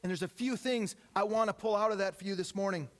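Guy pastor w a high voice, joking around while he runs thru bible stories in a sermon. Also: fast. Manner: lively storytelling, acts out quotes with humor.

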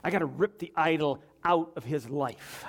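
A man preaching a sermon in an earnest way, moving between loud urgent passages and quiet confessional ones. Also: a little high, moderate pace.

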